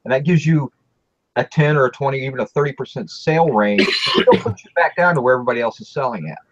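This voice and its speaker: A man talking casually about pricing, halting and repeating words as he explains. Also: mid-range voice, muffled recording. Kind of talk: casual chat.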